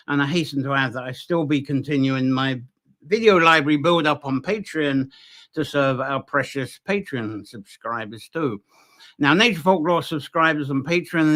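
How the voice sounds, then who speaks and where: A man's voice: fairly high pitch, bright, forceful tone. A man hosting a live nature folklore stream from Ireland, talking loosely with many fillers and restarts. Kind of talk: live-streamed solo talk.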